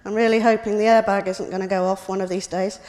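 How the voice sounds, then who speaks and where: A woman's voice: medium pitch, little pitch movement, fast talker, darkish tone. Woman telling her story in a reverberant hall. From United Kingdom. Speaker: carer giving a talk. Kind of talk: reading a prepared personal talk. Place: hospital lecture room.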